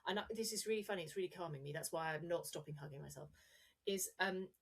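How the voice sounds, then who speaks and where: A woman's voice: on the low side, fast, husky. A woman coach talking freely in a podcast interview, rambling and correcting herself as she explains ideas. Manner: rambling, self-correcting, demonstrative. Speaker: coach and guest.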